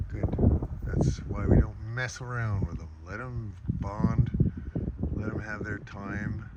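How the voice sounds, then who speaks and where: A man, a sheep farmer, chatting relaxed in a casual farm vlog outside in a pasture, talking to his animals, recorded on a handheld camera. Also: fairly low pitch. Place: outdoor pasture among solar panels. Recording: noisy outdoor recording.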